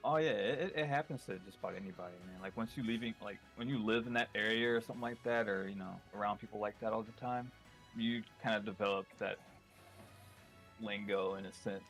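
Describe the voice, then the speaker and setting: A man chatting in a relaxed way on a gaming stream, his voice sitting a little low. He talks loosely and laughs easily between his thoughts. Faint music plays behind him. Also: fairly quick. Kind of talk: casual stream chat.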